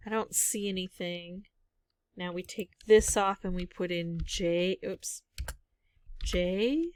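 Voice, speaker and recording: Slow, musing woman puzzling aloud. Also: mid-range voice, no echo, studio quality. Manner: musing aloud, thinking through guesses. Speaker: word game player. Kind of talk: casual solo gameplay commentary.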